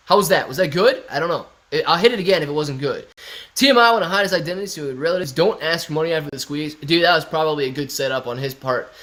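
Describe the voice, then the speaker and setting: Young male streamer, slightly high voice, chatty and excitable, reads chat aloud. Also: brisk. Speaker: stock market livestream host. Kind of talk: casual live-stream chat reading viewer comments.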